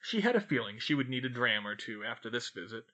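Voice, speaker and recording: Bright, lively male storyteller. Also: medium pitch, fast talker. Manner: steady storytelling. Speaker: audiobook reader. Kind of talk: audiobook narration of fan fiction.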